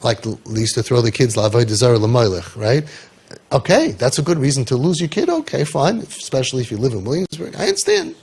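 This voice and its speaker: A man's voice: mid-range voice, very animated, a little fast, a little mellow, slightly rough. A man coaching parents in an impassioned talk, telling stories and firing off rhetorical questions with emphasis.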